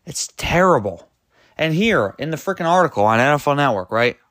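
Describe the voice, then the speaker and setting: Exasperated male podcaster, lively pitch. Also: a little fast, no room sound, clean studio sound. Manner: exasperated and emphatic, with frequent rhetorical questions; loose and rambling, trips over words and self-corrects. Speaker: podcast host. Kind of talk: solo sports podcast rant.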